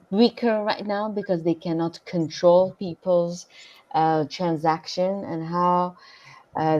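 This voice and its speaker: A woman co-hosting a casual podcast discussion, speaking haltingly as she searches for words. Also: on the low side, a little mellow. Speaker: podcast co-host. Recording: muffled lo-fi audio.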